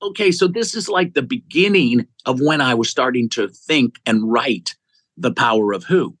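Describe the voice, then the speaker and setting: A man in his sixties spins stories as an interview guest, piling up restarts as his enthusiasm runs ahead of him. His voice is bright and forceful, and the close mic keeps the sound dry. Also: medium pitch, animated, moderate pace, dry recording. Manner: enthusiastic, tumbling sentences with many restarts. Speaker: interview guest, executive recruiter. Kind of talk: conversational storytelling.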